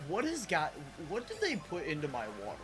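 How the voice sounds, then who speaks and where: A man live-streaming a game, chatting casually with viewers in a rambling, animated way and laughing often. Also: high-pitched. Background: game music.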